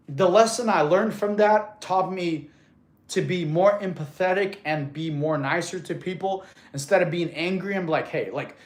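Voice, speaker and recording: A man's voice: fairly high pitch, reverberant. A man chatting casually on a livestream as a fitness coach, upbeat and laughing easily as he reads chat.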